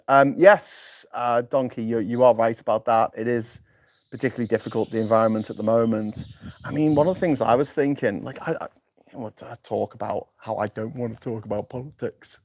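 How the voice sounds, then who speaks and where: A man's voice: mid-range voice, normal speed, dry recording, clean studio sound. A man hosting a casual live stream, rambling and self-deprecating, often stumbling and repeating words as he reads comments. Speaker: host.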